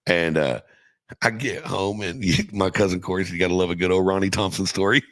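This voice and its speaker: A man's voice: low-pitched, steady tone, brisk, no room sound. A middle-aged man casually telling a profane, laughing story from his youth as a podcast guest.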